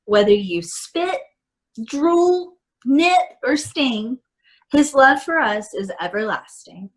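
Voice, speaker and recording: Tender storybook father, calm and reassuring, read in a woman's own voice. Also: high voice, takes it slowly, pitched above the performer's own voice. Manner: soft, reassuring. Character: gentle loving father reassuring his daughter.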